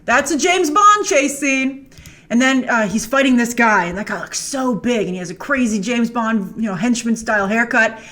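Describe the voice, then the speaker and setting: A woman hosts a film trailer breakdown in an easygoing, chatty way. Her voice sits a little higher than most, and she keeps it playful and animated, thinking aloud and tossing in asides as she goes. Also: moderate pace. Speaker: film trailer reviewer and show host. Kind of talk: casual chatty commentary over a trailer.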